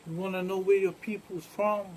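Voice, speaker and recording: High-voiced man rambling a story. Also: level tone, normal speed, slight background noise, poor audio. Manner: rambling, repeats phrases, acts out others' lines.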